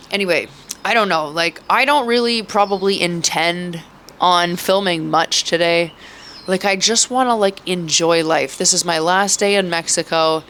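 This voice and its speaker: Rambling, swearing vlogger, bright voice. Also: mid-range voice, slight background noise. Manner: rambling, heavy swearing, filler-laden. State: emotional. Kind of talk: emotional personal vlog. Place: outdoors in Mexico, birds audible.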